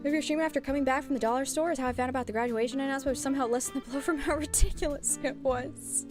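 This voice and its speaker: A woman streamer chatting casually with her viewers, animated and blunt, laughing often. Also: sits high, very fast, music in the background.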